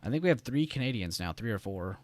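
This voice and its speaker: A man's voice: on the low side, lively intonation, fast, no echo. A young man from the United States hosting a casual trading live stream, rambling and reading chat messages aloud.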